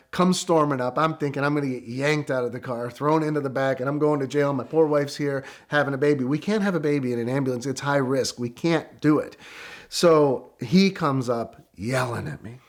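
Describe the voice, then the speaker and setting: A middle-aged man telling a story in a casual, animated way, with quick excited bursts. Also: mid-range voice. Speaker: guest storyteller.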